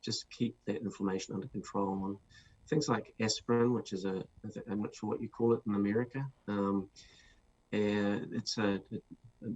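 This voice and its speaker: A man's voice: fairly low pitch, level tone, normal speed, a little mellow. A man with a New Zealand accent, a guest author explaining his ideas with many fillers and restarts. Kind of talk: interview answers. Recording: dull lo-fi sound with faint noise.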